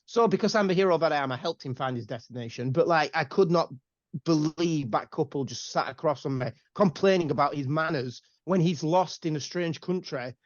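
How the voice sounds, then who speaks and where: A man's voice: a little high, fairly quick, no room sound, muffled recording. A young English man, a podcast guest, ranting loosely and swearing freely in casual chat. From England.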